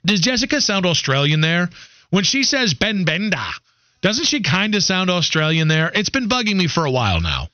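A man hosting a sports radio show, talking in loose, teasing banter that wanders and pokes fun at himself. His voice sits high and sounds bright and forward. The sound is dry and a bit dull, like a lo-fi radio broadcast. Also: sing-song, normal speed, dry recording. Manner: joking, rambling, self-deprecating.

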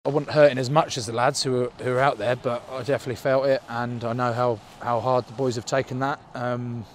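A man's voice: mid-range voice, level tone, fairly quick, a little hiss or hum. Man rambling in a post-match interview. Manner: rambling, joking about a horse. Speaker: rugby player in interview clip.

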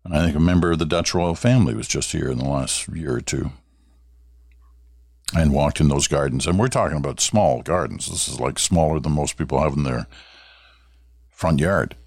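A rumbling low voice belongs to an older Canadian man hosting a radio talk show at a moderate pace. The clean studio recording has no room sound. Chatting in a warm, storytelling way, he reads listener letters aloud in a casual monologue.

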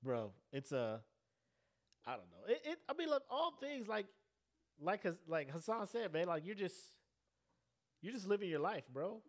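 A man's voice: high-pitched, big pitch swings, moderate pace, pauses often. A man co-hosting a podcast in casual chat, loose and joking, swearing freely. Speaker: podcast co-host.

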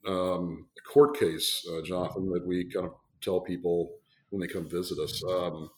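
A man's voice: deep voice, steady tone, normal speed, a little hiss or hum. A man who is a guest from a brewery, telling an amused, rambling anecdote with many fillers. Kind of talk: casual storytelling.

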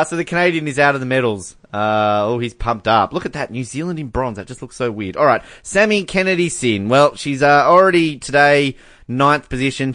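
A man's voice: mid-range voice, fairly bright tone, no room sound, clean studio sound. A man co-hosting a casual podcast, joking and laughing often as he reads out fan messages. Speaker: podcast co-host. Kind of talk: casual chat.

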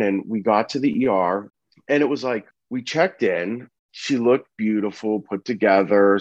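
A man in his thirties telling a personal story with earnest, halting speech full of restarts and fillers. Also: lowish voice, dry recording. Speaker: interview guest sharing a personal story.

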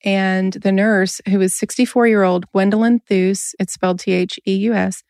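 A woman's voice: medium pitch, fairly even intonation, moderate pace, a little mellow, no echo, clean studio sound. A woman hosting a casual podcast, talking earnestly and laughing often. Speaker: podcast host.

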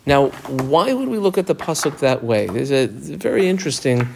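Creaky-voiced man teaching a text. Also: mid-range voice, big pitch swings, moderate pace, a little mellow, a little hiss or hum. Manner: explains step by step with questions. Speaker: Talmud teacher. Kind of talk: text study lesson.

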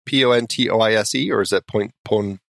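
A man's voice: on the low side, a little fast, vocal fry, no echo, clean studio sound. Joking man co-hosting a podcast. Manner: joking, tangent-prone, laughs often. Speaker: podcast co-host. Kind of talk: casual film-podcast banter.

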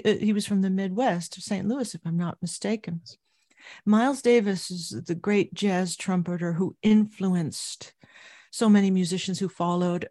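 A middle-aged woman recounting memories as an interview guest, telling her story vividly and growing animated at its high points. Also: no echo, studio quality.

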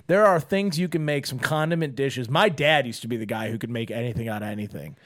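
A man's voice: mid-range voice, quick pace, fairly bright tone, dry recording. Young man, casual podcast co-host, rambling and profane, dry close mic. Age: 20s. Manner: loose, rambling, swears, says dude a lot. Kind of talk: casual chat.

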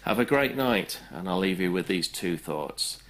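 Deep-voiced joking man. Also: expressive, measured pace, fairly bright tone. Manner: jokey, upbeat announcer-like delivery. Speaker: friend sending a birthday message. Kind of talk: recorded voice message.

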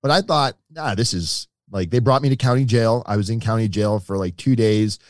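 A middle-aged man appears as a podcast guest, recounting his own story in an interview and acting out the voices of the people involved. He's an animated storyteller with a fairly low voice at normal speed. The recording is studio quality with no echo.

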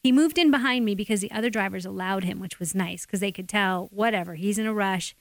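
Woman, guest, faith testimony, animated storyteller, dry close sound. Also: medium pitch, fast, no echo. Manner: animated, acts out quotes.

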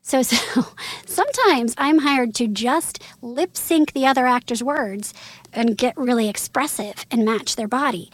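A woman from Missouri in her thirties, a voice actress chatting in an interview, animated and quick with asides and laughter. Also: a little high, no room sound. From Missouri, USA. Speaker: voice actress guest. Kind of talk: casual interview chat.

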